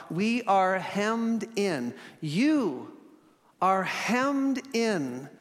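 A man preaching a sermon as pastor, earnest, slowing for emphasis and dropping softly at line ends. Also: high voice. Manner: earnest, with slow emphatic pauses and sudden soft drops. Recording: long hall reverb.

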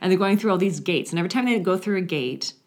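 A woman telling a story in a conversational faith reflection, animated, with hushed passages. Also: fairly low pitch, fast talker. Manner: storytelling, animated, drops to a hushed voice for quiet moments.

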